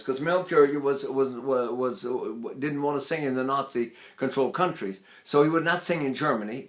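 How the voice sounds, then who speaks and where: A man's voice: fairly high pitch, reverberant. A man in his eighties teaching vocal technique, breaking into sung syllables to demonstrate. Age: 80s.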